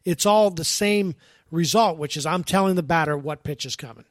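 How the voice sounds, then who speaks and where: A man's voice: on the high side, normal speed, dry recording, studio quality. A man co-hosting a casual sports talk show who pushes his point with pointed questions. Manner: argumentative, questioning. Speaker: co-host.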